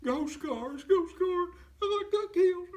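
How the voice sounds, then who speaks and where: A man's voice: extremely high pitch, lively intonation, slow, pitched above the performer's own voice, heavily acted. A man storyteller voicing a terrified young man who cries out about ghost cars. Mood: panicked.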